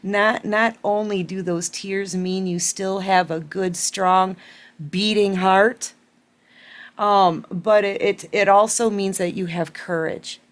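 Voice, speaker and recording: A woman's voice: medium pitch, fairly even intonation, slow pace. A woman giving a collective tarot reading to her viewers, emotional and fighting back tears, repeating phrases for emphasis. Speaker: tarot reader.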